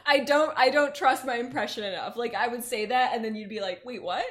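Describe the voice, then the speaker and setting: Giggly, slightly high-voiced woman co-host. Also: brisk. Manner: giggly, self-deprecating, playful. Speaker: podcast co-host. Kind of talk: casual chat.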